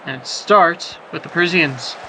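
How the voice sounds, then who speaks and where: A man's voice: fairly high pitch, moderate pace, sharp tone, low-quality recording. A man calling a soccer match play by play, jokey and rambling between plays and surging on chances. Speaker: play-by-play commentator. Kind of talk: sports commentary of a simulated soccer match. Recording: background noise.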